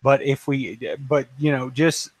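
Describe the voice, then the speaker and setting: A man's voice: medium pitch, level tone, measured pace, no echo. A man plays his character at a tabletop game in a breezy, reassuring way. His voice sits in the middle of the range and sounds dry and close. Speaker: player.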